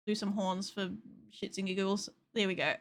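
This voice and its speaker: A woman's voice: mid-range voice, little pitch movement, moderate pace. A woman casually commenting on her gameplay, swearing often with playful exasperation. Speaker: game streamer.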